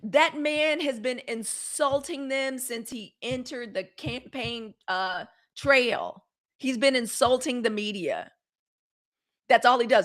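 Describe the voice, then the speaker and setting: A middle-aged woman hosting a live news commentary stream, speaking. She is blunt and animated, swears freely, and breaks off to answer viewers in the chat. Her voice sits a little high for a woman. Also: unhurried.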